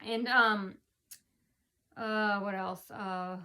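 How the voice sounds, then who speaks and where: Speaking at a medium pitch in a steady tone, this vlogger works through a lengthy personal tale. She stumbles, restarts, leans on fillers, and lets many sentences trail away softly.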